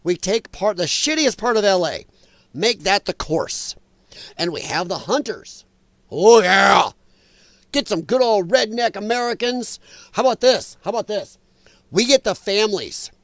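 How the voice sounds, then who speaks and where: A man hosting a livestream, talking casually to his viewers in an animated way and laughing often. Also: sits high, no echo, clean studio sound. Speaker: livestream host.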